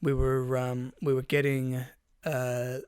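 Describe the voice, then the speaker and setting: A man's voice: medium pitch, completely flat delivery, takes it slowly, a little mellow, smooth, dry recording, studio quality. A young Australian man, podcast co-host, telling a rambling casual story with lots of swearing. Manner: rambling, swears freely, acts out voices in quotes.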